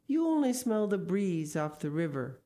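A woman's voice: fairly low pitch, very animated, dark tone. A woman voicing a stern, kindly male stone guardian deity in a storybook. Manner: stern and measured.

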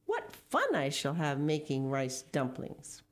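A woman voicing a carefree little woman in a storybook who giggles in high titters. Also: wildly swooping pitch, slow pace, exaggerated voice. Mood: giggly.

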